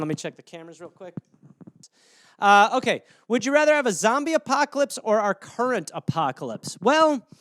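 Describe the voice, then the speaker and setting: Brief: animated comedy host, a man with a high, lively and crisp voice, profane casual riffing, dry close sound. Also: dry recording.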